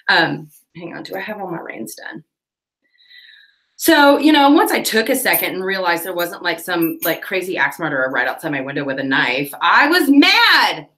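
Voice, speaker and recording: A woman chatting casually on her livestream, telling a rambling story with quick laughs while she cleans her tack. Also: on the low side, animated, fairly bright tone. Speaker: livestream host.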